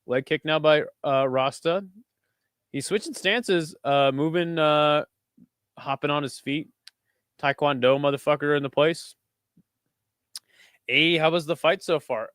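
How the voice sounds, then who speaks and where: A man hosts a live fight watch-along in a loose, profane chat voice that pitches a little higher than most. He riffs with his chat and gets loud when a knockout lands. The sound is dry and close to the mic. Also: measured pace, long pauses, smooth, no room sound. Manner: casual and profane, bursts into excited shouting. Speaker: host.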